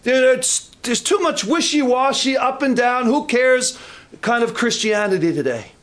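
Emphatic high-voiced male preacher. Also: animated, a little slow, fairly bright tone. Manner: emphatic, asks the congregation questions. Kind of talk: sermon. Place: church.

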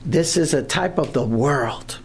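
A preacher telling a Bible story in a sermon, animated and chuckling, acting out the characters along the way. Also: medium pitch, measured pace, gravelly, slightly rough.

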